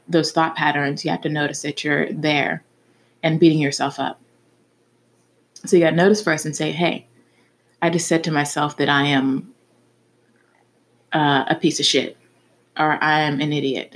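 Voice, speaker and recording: A woman hosting a casual solo podcast, talking candidly and frankly and swearing now and then. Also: sits low. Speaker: podcast host.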